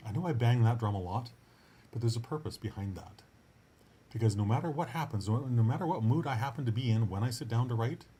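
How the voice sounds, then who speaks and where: A man's voice: mid-range voice, a little mellow, a little hiss or hum. A man hosting his own show as a writing coach, talking in a casual, earnest and encouraging way, often restarting his sentences. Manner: earnest and encouraging, with frequent restarts and upbeat asides. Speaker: writing coach and podcast host. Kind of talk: casual motivational coaching monologue.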